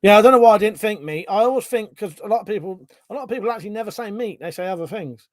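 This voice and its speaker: A man's voice: sits high, very fast, dry recording. A man with a Home Counties English accent hosting a casual livestream, rambling through viewer comments, chuckling often and swearing now and then. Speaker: livestream host.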